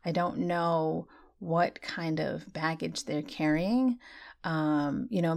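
A woman hosting a solo talk, speaking earnestly and conversationally about compassion and spiritual growth, often saying "you know" and breaking into laughter. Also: fairly low pitch. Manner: many "you know" fillers.

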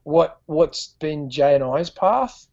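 This man speaks with an Australian accent and a slightly high, expressive voice, slow, darkish, and with vocal fry. As a musician guest, he rambles through his stories with many restarts and fillers, captured on a muffled recording.

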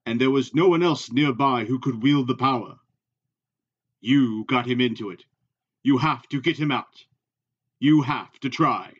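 A man's voice: mid-range voice, measured pace, long pauses, husky. Man reading aloud on muffled audio. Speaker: reader.

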